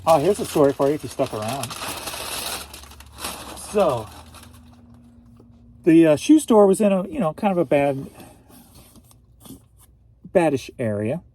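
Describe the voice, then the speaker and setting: Male online reseller, middle-aged, offhand storyteller, mellow tone, light background hiss. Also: a little high, big pitch swings, measured pace, pauses often. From St Louis, Missouri. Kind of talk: casual vlog monologue.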